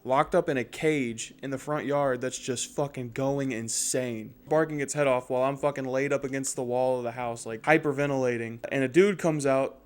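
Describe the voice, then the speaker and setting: A man's voice: medium pitch, steady tone, normal speed, few pauses. A man in his twenties telling a casual, profane story with lots of energy. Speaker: storyteller host.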